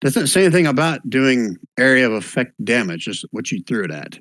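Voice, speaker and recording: A man running a tabletop game online as dungeon master, relaxed and thinking aloud as he rules. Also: medium pitch, a little fast, no room sound.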